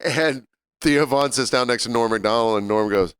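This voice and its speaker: A man's voice: mid-range voice, moderate pace, a bit bright, clear, resonant tone, no room sound. A man co-hosting a podcast, telling crude stories in casual banter and laughing often. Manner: laughing, storytelling, crude humor. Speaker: podcast co-host.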